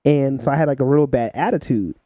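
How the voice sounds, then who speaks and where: A young man telling stories as a podcast guest in a relaxed chat, laughing often and filling pauses with "uh" and "like". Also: medium pitch, no room sound. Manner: laughs while telling stories, many fillers. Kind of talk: casual storytelling chat.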